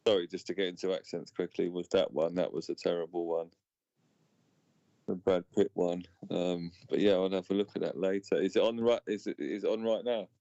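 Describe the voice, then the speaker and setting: Man, low voice, smooth, casual stream chat, dry and dull sound. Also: fairly even intonation, warm tone, dry recording. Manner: laid-back, drawn-out fillers and "mate". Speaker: co-host of a live stream. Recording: dull, dry home recording.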